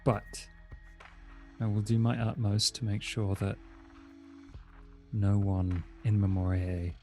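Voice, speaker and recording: Low gravelly guy playing his vampire character, solemn and measured, mellow tone. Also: level tone, soft background music. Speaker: tabletop role-play player. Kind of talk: in-character tabletop role-play.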